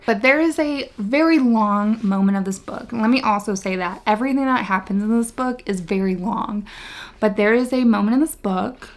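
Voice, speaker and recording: A woman, reviewing a book in casual vlog chat, sarcastic and exasperated, laughing as she rants. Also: medium pitch. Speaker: book vlogger.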